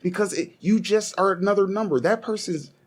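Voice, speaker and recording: A man's voice: sits high, a little fast, slight background noise. A young man co-hosting a casual podcast, rambling and swearing as he argues and tells stories. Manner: profane, rambling, heated storytelling. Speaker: podcast co-host.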